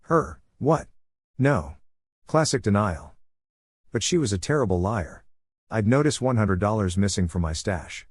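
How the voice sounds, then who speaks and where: A man giving a steady, scripted narration of a story. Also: on the low side, normal speed, slightly rough, no echo, studio quality.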